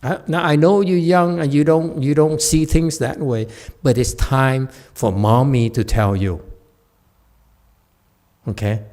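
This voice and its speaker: A man's voice: lowish voice, darkish tone. A man giving a playful Buddhist dharma talk at a meditation center, laughing often and checking in with his listeners. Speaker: meditation teacher.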